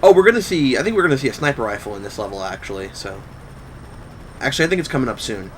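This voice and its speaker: A man's voice: medium pitch, sing-song, rapid-fire, heavy background noise. A man casually commenting while playing a shooter game, laid-back, swearing now and then and explaining the game's mechanics. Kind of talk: casual let's play commentary.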